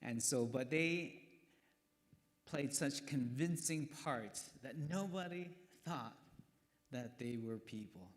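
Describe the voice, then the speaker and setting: A man's voice: medium pitch, animated, slow pace. Chatty male pastor in a reverberant hall. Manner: casual, chatty, tag questions like "right?". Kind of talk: sermon. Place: church worship hall. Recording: long reverb of a worship hall.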